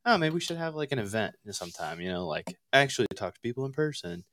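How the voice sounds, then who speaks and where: A man appearing as a guest on a studio podcast and talking about his business in a relaxed, rambling way through a headset mic. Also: mid-range voice, fast talker, a little hiss or hum. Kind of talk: casual podcast conversation.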